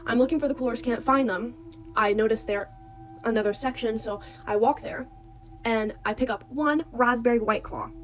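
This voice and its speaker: A woman's voice: a little high, moderate pace, poor audio. A young woman, a university student, telling a personal story in an urgent, chatty way and often checking in with "okay?". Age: young adult. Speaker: storyteller in a clip. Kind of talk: casual storytime monologue.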